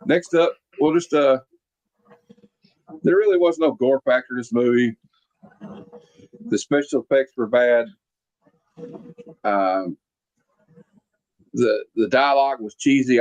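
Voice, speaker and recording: A man's voice: mid-range voice, darkish tone, highs cut off. Rambling man reviewing a bad movie. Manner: rambling, with many fillers and restarts. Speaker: podcast host reviewing a movie. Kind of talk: casual movie review chat. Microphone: video call.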